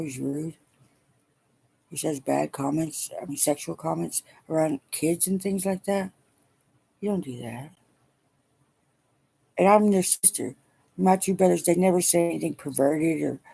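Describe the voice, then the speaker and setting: A middle-aged woman speaking haltingly and wearily in a personal video diary, emotional as she talks. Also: low voice, gravelly, warm tone, husky. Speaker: vlogger.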